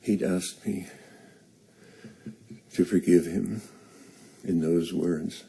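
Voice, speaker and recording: An older man slowly telling a personal story on stage, halting and earnest. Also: low-pitched, steady tone, vocal fry, warm tone, husky.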